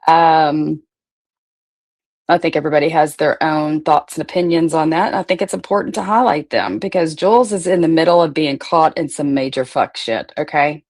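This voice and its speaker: A woman talks on her own livestream in a casual, rambling way. Her voice sits a little low, and she greets viewers by name and swears without a second thought. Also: normal speed, darkish tone. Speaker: livestream host.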